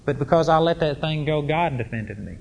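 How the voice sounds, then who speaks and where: A middle-aged man tells stories from the pulpit in a folksy, emphatic manner. His voice sits a little high for a man. A faint hum of room noise runs underneath. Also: expressive, fairly quick, creaky. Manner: folksy, emphatic storytelling with rising intensity. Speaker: preacher. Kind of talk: sermon storytelling.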